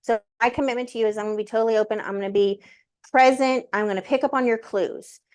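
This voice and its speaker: Woman, slightly high voice, chatty storyteller, lots of fillers, acts out dialogue. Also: fast talker, clean tone. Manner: animated, many fillers, acts out her talks with the universe. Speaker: guest sharing a personal story. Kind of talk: casual conversational storytelling.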